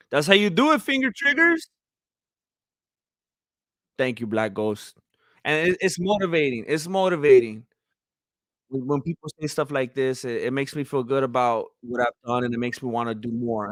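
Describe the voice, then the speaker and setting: A young livestream host with a mid-range voice reads fan comments and thanks viewers, excitable and laughing a lot, his voice roughening from all the talking. He speaks at a normal speed but pauses often, in clean studio sound with no echo.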